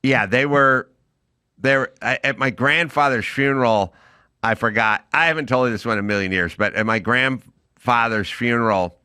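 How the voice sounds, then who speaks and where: A man's voice: mid-range voice, moderate pace, pushed and bright, clean tone, dry recording, clean studio sound. A middle-aged man co-hosting a podcast, telling stories in an emphatic, ranting way. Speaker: podcast co-host. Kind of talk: casual chat.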